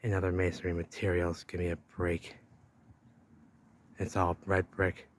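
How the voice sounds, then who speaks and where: This vlogger's low, monotone voice moves at normal speed as he walks beside a river wall outdoors. He rambles to his viewers and points things out while exploring.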